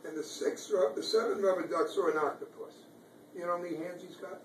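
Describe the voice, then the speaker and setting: A man's voice: high voice, brisk. A man reading a picture book aloud to small children in a preschool classroom, quizzing them and encouraging their answers. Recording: roomy, distant, noisy classroom sound.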